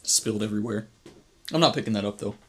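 A man's voice: on the low side, quick pace, a bit bright, slightly rough. A young man hosting a podcast in casual, playful chat, telling stories and laughing often. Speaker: podcast host.

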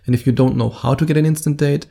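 A man's voice: on the high side, steady tone, fast talker, creaky, warm tone. A man with a German accent, speaking directly to the camera as a dating coach in an upbeat, salesy way with playful asides.

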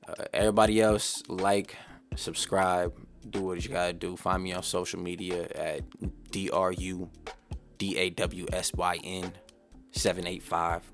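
A man's voice: deep voice, little pitch movement, a little slow, soft background music. A young adult man hosting his own podcast, telling a story in a casual, profane, slang-heavy ramble. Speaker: podcast host. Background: faint background beat.

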